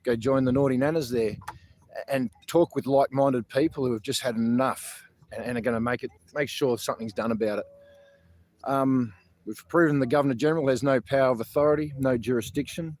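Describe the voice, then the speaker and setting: A man's voice: mid-range voice, steady tone, a little fast, a little mellow. An Australian man talks earnestly to his livestream viewers from outdoors in a public garden. His speech rambles, full of ums and restarts, in an ordinary mid-range voice. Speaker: protest livestream host. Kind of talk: casual outdoor livestream talk.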